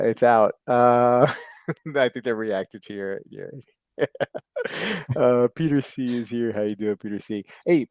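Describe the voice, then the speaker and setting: Rambling low-voiced American podcast host. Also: male voice, a little mellow, no echo, studio quality. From United States. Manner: rambling, frequent fillers and restarts, reading out chat names. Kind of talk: casual livestream chat.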